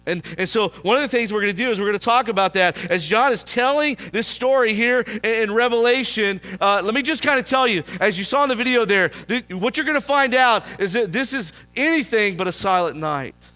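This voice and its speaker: A man's voice: high-pitched, fairly quick, few pauses, sharp tone. A man preaching a sermon in church, telling a story and asking the congregation questions. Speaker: pastor.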